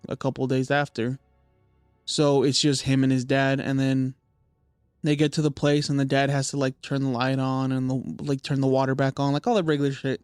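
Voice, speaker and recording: A young man loosely retells a creepy story on a podcast, piling on fillers and casual swearing. His voice is smooth and clear, recorded close and dry with faint music underneath. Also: mid-range voice, darkish tone, dry recording. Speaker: podcast host.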